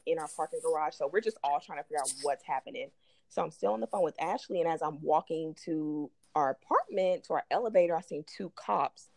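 A woman tells a story on a casual podcast, lively and profane, voicing the people in it. Her voice sits low. The sound is dry and close. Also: vocal fry, no echo. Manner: animated, profane, acts out quotes. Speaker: podcast co-host.

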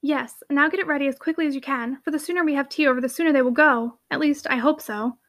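A woman's voice: high voice, fast, a bit bright. A woman voicing an earnest, reluctant young hostess who sighs over her guests. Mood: anxious.

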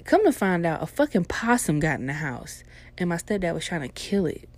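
A woman's voice: lowish voice, big pitch swings, a little fast. A young adult woman telling a personal story in a casual, laid-back and profane way.

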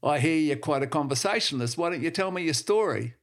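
A man's voice: on the high side, animated, fast, voice pushed up. A man voicing a sarcastic male city businessman in a spoken joke. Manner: sarcastic, then stammering.

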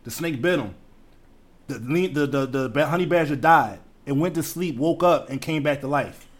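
A man in casual chat, telling stories loudly and animatedly, laughing often. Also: a little high, normal speed. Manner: loud, animated storytelling with frequent laughter and profanity.

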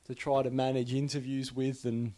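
A man's voice: medium pitch, level tone, moderate pace, warm tone. An Australian man ranting casually, profane and rambling, often restarting his sentences in exasperation. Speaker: podcaster. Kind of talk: casual rant.

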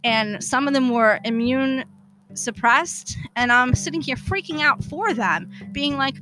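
Podcast host, female, bright and somewhat high voice, casual and profane, acts out the people she quotes. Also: measured pace, soft background music. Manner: candid, profane, animated retelling with quoted dialogue. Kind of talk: casual storytelling monologue.

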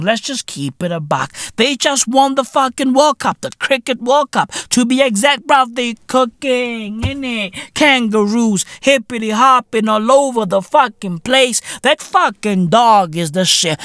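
A man in his thirties hosting a podcast, ranting in a profane comedic monologue with laughter and loud outbursts. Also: very high voice, measured pace, hardly any pauses, no room sound, studio quality. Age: 30s. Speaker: podcast host.

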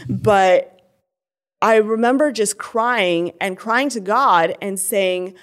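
Young woman, earnest and candid, mid-pitch conversational testimony. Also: takes it slowly. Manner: earnest, candid, many fillers and restarts. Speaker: interview guest.

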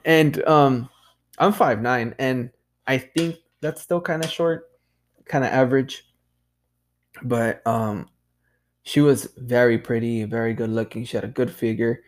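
Male podcast host, casual solo monologue, unhurried delivery, swears freely and calls everyone "dude". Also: mid-range voice. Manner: loose and profane, peppered with "dude"; laughs at himself.

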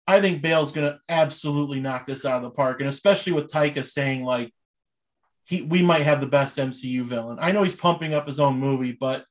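Chatty young man with a higher voice. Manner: rambling, enthusiastic, many fillers. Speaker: podcast host. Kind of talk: casual chat.

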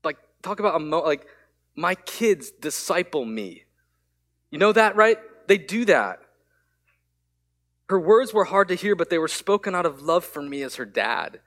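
A man pastor giving a sermon, telling a candid story with quick asides. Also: fairly high pitch, big pitch swings, a bit bright.

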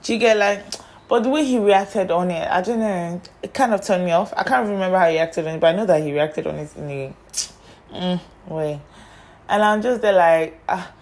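A woman's voice: on the low side, moderate pace, darkish tone. A young woman telling stories in a chatty, exasperated storytime monologue, speaking straight to the listener.

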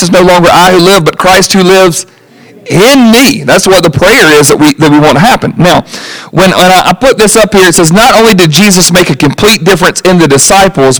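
A man preaching a sermon as pastor, animated, acting out quoted voices and chuckling at his own asides. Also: sits high, rough recording.

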